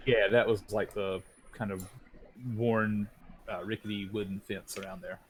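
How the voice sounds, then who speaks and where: A man runs a tabletop game as its game master, describing the scene in a relaxed, hesitant way with plenty of ums. His voice is on the low side, with faint noise behind it. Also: moderate pace.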